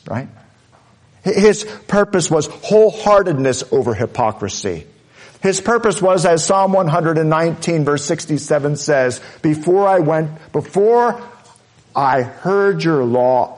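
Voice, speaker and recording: Earnest and emphatic, a male pastor preaches a sermon, hammering his points home through repeated phrases. His voice sits on the high side and is a little mellow.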